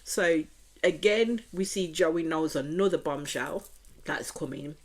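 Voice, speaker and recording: Woman, Birmingham accent, deep-pitched for a woman, casual reaction review, chatty, opinionated. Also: slow. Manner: chatty, opinionated, often repeats stock phrases. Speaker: reality show reviewer.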